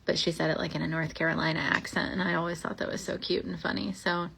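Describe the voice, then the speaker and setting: Chatty young woman, lowish voice. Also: flat delivery, creaky, fairly bright tone, slightly rough. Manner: rambling and chatty, many fillers, slows down for spooky lines. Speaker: podcast host reading old newspaper ghost stories. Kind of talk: casual reading and chat.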